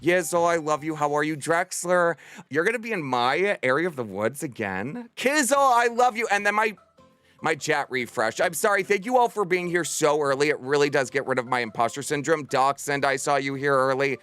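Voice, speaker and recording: A man's voice: on the high side, animated, a bit bright, clear, resonant tone, dry recording, faint music behind. Bubbly young male streamer. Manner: bubbly, affectionate, talks fast to chat. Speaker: livestreamer. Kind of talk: casual stream chat. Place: home room.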